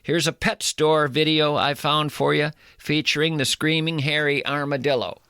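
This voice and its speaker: Raspy radio guy riffing, mock-outraged, bright tense voice, dead dry studio. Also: fairly high pitch, flat delivery, dry recording. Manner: playful mock-outrage, drawn-out emphasis. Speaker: radio host. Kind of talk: comic radio monologue.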